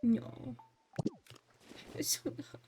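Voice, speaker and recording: A woman's voice: very slow, dark tone, slight background noise. A young woman casually chatting while streaming a game, cooing baby talk at her cat and swearing now and then. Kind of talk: casual livestream chat. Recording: game music playing underneath.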